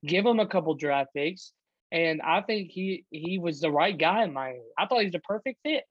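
Casual male podcast co-host, higher voice, dry dull lo-fi sound, rambling sports talk. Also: expressive, normal speed, breathy edge, no echo. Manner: rambling, many ums and restarts.

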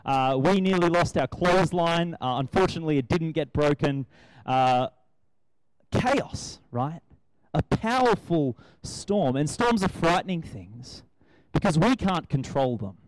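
A man's voice: fairly high pitch, big pitch swings, a little slow, no room sound, rough recording. A young man giving a conversational sermon, asking his listeners rhetorical questions. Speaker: preacher.

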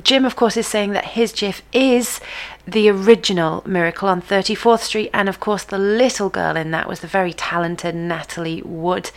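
Bubbly, chatty woman radio host. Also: medium pitch. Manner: bubbly, chatty, reads out messages with fillers and asides. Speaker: radio show host reading listener messages. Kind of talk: casual chatty show hosting.

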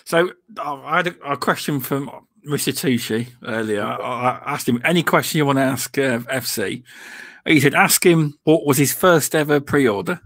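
A man hosting a livestream in casual chat, soft-spoken and halting, often restarting his sentences. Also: medium pitch, no room sound, clean studio sound. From England. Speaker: stream host.

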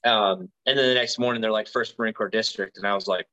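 Low-voiced man from Alabama rambling. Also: fairly even intonation, fast, hardly any pauses, bright, forceful tone, lo-fi sound. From Alabama, USA. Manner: rambling, frequent fillers and restarts. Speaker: guest, Marine recruiter. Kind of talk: casual interview storytelling.

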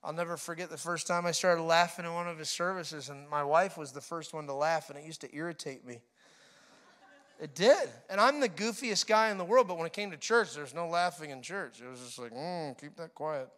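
Middle-aged man preaching, high-pitched and lively, acts out stories with funny impressions. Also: brisk. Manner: animated storytelling, mimics laughter. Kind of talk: sermon.

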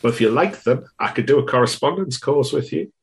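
A man's voice: mid-range voice, expressive, brisk. Wry man at the game table. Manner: wry, joking. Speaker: player. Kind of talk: casual tabletop game chat.

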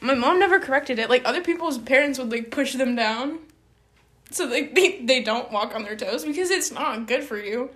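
A young woman with a noticeably high voice hosts a casual podcast chat. She rambles through personal stories with plenty of "like" and keeps breaking into giggles as she talks. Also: lively intonation, normal speed, fairly bright tone. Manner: chatty, laughs through her own stories. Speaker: podcast host.

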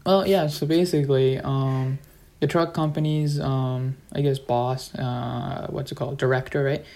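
A man's voice: medium pitch, fairly even intonation, a little slow, mellow. A teenage boy chatting casually over a video call, easygoing with dry jabs at his friend. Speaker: co-host. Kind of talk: casual game chat.

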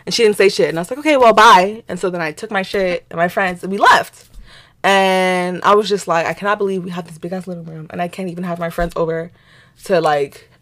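A young woman from Nigeria, co-hosting a podcast, telling a story in casual chat, animated and profane as she acts out both sides of a quarrel. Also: fairly low pitch, fairly quick. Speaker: podcast co-host.

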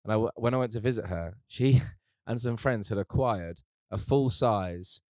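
A man's voice: on the low side, a little mellow, no room sound. A young man co-hosting a casual podcast, teasing and jokey, drawing out his stories. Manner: teasing, jokey, drawn-out storytelling. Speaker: podcast co-host. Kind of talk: casual chat.

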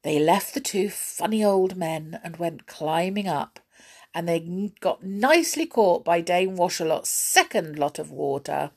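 A woman reading a children's storybook aloud in a gentle, soft-spoken way, dropping to a whisper now and then. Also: lowish voice, expressive, unhurried, gravelly, breathy edge. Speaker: storybook reader.

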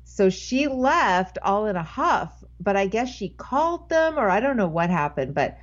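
On a slightly dull, lo-fi recording, a female podcast guest spins a long, loose story, constantly interrupting herself and starting over. She speaks in a mid-range voice, very animated though a little slow.

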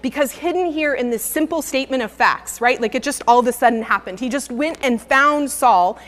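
Woman preacher, fairly high voice, earnest sermon delivery with emphatic repeats, long reverb of a big room. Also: a little fast, fairly bright tone. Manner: earnest, builds to emphatic repetition. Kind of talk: sermon with scripture reading.

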